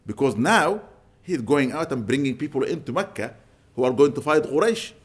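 An older man giving an Islamic lecture, telling stories earnestly with sudden bursts of loud emphasis. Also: mid-range voice, lively intonation, moderate pace. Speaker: Islamic preacher. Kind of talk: religious lecture with storytelling.

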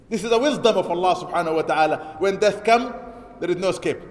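A man preaching an Eid sermon in a mosque, exhorting his listeners with emphatic repetition and chanting Arabic scripture quotes quickly. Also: sits high. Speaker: imam preaching. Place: mosque prayer hall. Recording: echoey hall with long reverb.

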